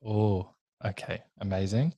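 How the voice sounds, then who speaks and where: Australian-accented guy hosting a podcast, gushing, lower voice, dry. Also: a little slow, dark tone, no echo. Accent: soft Australian. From South Africa. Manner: enthusiastic, effusive praise. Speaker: podcast host. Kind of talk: casual podcast interview.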